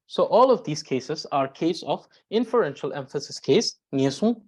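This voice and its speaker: Low-voiced woman explaining grammar. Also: animated, moderate pace, hardly any pauses, a little mellow, slightly rough. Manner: careful, repeats and rephrases points, frequent "uh". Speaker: Tibetan grammar teacher.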